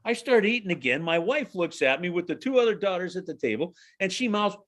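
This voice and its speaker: Animated man telling a story. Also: high voice. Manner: animated storyteller, halting restarts. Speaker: pro hockey radio broadcaster, podcast guest. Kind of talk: casual podcast chat, anecdote telling.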